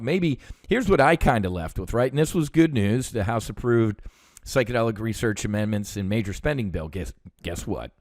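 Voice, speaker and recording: A man's voice: medium pitch, sing-song, normal speed, dry recording, studio quality. A veteran man hosting a show, telling a story in a casual, heated monologue full of fillers and swearing. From United States. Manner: heated, profane ranting with many fillers. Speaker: podcast host, veteran.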